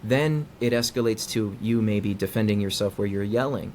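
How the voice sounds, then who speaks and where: A man, a psychologist being interviewed, explaining in a conversational way and acting out quoted dialogue with lively inflection. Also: on the low side, normal speed, slight background noise. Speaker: guest psychologist.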